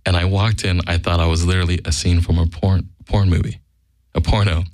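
A man's voice: low-pitched, level tone, a little fast, a little mellow, dry recording, studio quality. A man telling a casual, profane anecdote in a blunt way, acting out the quoted lines. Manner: blunt, acts out quoted dialogue. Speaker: guest storyteller.

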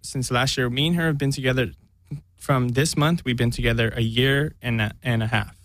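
A man's voice: mid-range voice, fairly even intonation, brisk, noisy background. A young man chatting as a podcast guest, telling a long rambling story and acting out what people said. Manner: rambling storyteller, acts out quotes. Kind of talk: casual chat.

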